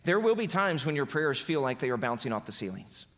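A man preaching a sermon as pastor, swinging from loud emphasis to soft, low delivery. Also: big pitch swings, brisk.

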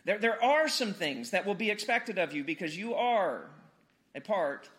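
High-voiced, bright-toned preaching man. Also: very animated, normal speed. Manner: casual, joking, repeats words for emphasis. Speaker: pastor. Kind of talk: conversational sermon.

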